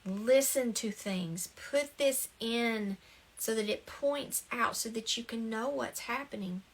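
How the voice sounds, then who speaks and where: A woman's voice: a little high, takes it slowly. A woman giving an earnest, encouraging spoken talk about the ego, often repeating her phrases and laughing lightly. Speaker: spiritual talk host. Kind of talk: casual spoken talk on self-help.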